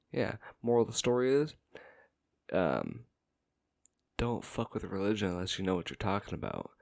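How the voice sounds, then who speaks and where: A man casually telling a family story, rambling and halting, with fillers and swearing. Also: low voice, creaky. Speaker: storytime vlogger.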